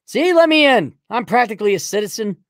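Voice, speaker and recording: A man's voice: sits high, sing-song, drawn-out words, dark tone, dry recording, studio quality, voice pushed up, exaggerated voice. A man putting on a jolly, pleading stage-Irish character in a cheery, sing-song voice.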